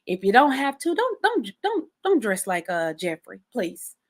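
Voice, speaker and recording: A woman's voice: on the high side, measured pace. A woman hosting a podcast in casual solo chat, talking animatedly and directly to her listeners and repeating words for emphasis. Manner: animated and chatty, addresses listeners directly, repeats words when stressing a point. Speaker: podcast host.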